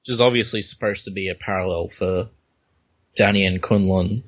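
Man, fairly low voice, easygoing host, comic panel walkthrough, dull lo-fi sound. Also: fairly even intonation, moderate pace. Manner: easygoing, narrates panels step by step. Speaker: podcast host. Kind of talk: casual comic book discussion. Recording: dull lo-fi recording.

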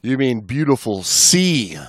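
A man's voice: medium pitch, big pitch swings, slow, no echo, studio quality. A man co-hosting a podcast, chatting casually and joking between book passages. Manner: joking, reads quotes with a mock French flair. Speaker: podcast co-host. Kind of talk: casual chat, reading book passages aloud.

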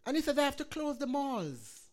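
A woman's voice: sits high, big pitch swings, fairly quick, darkish tone. A woman preaching a sermon, quoting scripture and building to fervent emphasis.

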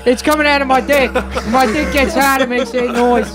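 Brief: crude boastful Aussie bloke, put on by a man, put-on Australian accent, high-pitched, laughing through the lines. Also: fairly even intonation, normal speed, over music. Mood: crude bragging. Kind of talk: improvised comedy bit.

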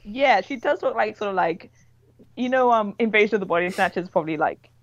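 A woman's voice: medium pitch, animated, fairly quick, no room sound, dull audio. A woman who draws a webcomic, chatting casually and loosely, with many fillers and acted-out reactions. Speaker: webcomic artist. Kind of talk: casual podcast chat.

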